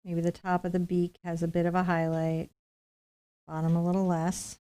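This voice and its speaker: A woman teaching acrylic painting on a live stream, explaining each step in a chatty, relaxed way. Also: fairly low pitch, normal speed, clean tone.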